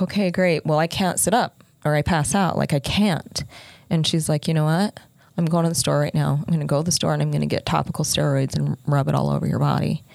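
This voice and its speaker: A middle-aged woman tells a personal story in casual podcast talk, retelling the conversations at length in a fast, breathless rush full of quoted dialogue. Her voice sits low, creaky and darkish, on a dry recording.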